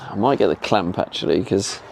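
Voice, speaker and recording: A man's voice: low-pitched, brisk, creaky, darkish tone, a little hiss or hum. A man, chatting casually with his stream audience while he works, laid-back and full of fillers. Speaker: livestreamer building a camper van. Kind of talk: casual chat.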